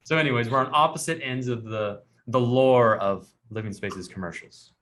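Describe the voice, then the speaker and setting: A man's voice: medium pitch, moderate pace. A man hosting a podcast, telling a funny story in a casual chat and acting out what people said. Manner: animated storyteller acting out quotes. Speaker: podcast host.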